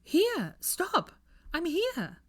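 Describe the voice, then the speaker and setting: A woman voicing a frightened, flustered young woman in a storybook reading, her voice high and strained. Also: very animated, measured pace, a little mellow, no room sound, clean studio sound. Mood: frantic.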